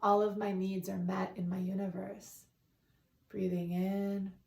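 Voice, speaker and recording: A woman guiding a meditation in a calm, soothing way, leading breaths and repeating affirmations. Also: mid-range voice, measured pace, creaky. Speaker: meditation guide. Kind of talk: guided meditation. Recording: roomy, distant from the mic.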